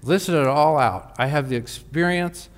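A man's voice: on the high side, unhurried. A man preaching a sermon, telling a personal story with emphatic asides to the congregation. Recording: long hall reverb.

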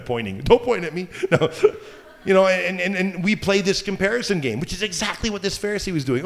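Joking preacher in a reverberant hall. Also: male voice, sits high, lively intonation, fairly quick, gravelly. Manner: conversational, joking asides. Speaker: pastor. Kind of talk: sermon.

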